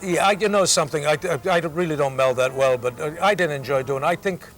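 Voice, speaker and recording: A man's voice: fairly high pitch, fast talker, fairly bright tone, faint music behind. A man in his sixties, a comedian and interview guest, telling rambling anecdotes in casual conversation. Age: 60s. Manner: rambling anecdotal, repeats "I says".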